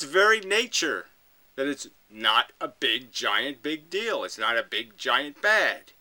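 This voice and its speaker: Guy ranting back at a video clip, super bright edgy voice, swears a lot, really emphatic. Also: mid-range voice, sing-song, takes it slowly, poor audio. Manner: profane, emphatic and argumentative. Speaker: video commentator. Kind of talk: reaction commentary.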